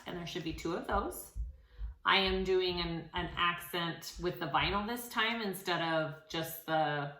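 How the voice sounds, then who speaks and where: Woman host, chatty and encouraging, bright tone, recorded in an echoey room. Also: on the low side. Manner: chatty, encouraging, frequent fillers. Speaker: sewing tutorial host. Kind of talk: casual tutorial talk.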